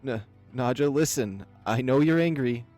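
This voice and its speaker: A man's voice: medium pitch, normal speed, faint music behind, natural voice. A man doing a stocky grizzly bear general. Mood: urgent. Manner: firm, pleading to calm.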